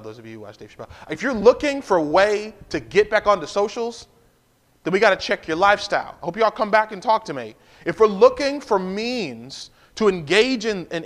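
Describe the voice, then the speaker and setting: A man's voice: high voice, fairly bright tone. A male pastor preaching a livestream sermon in a conversational way, repeating key lines and stopping for asides to the congregation.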